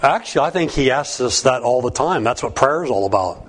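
A man's voice: mid-range voice, lively intonation, a little fast. A man preaching a sermon, reading scripture and breaking into folksy, conversational asides. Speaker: pastor.

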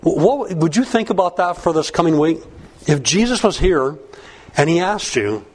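A man's voice: a little high, very animated, normal speed, husky. A man preaching a sermon, reading scripture and breaking into folksy, conversational asides. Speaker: pastor.

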